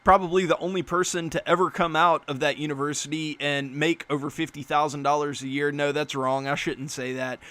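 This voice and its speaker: A young man giving casual gaming commentary as a YouTuber, blunt and profane, quick to break into a rant. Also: fairly high pitch, steady tone, a bit bright. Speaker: gaming YouTuber reviewing player cards.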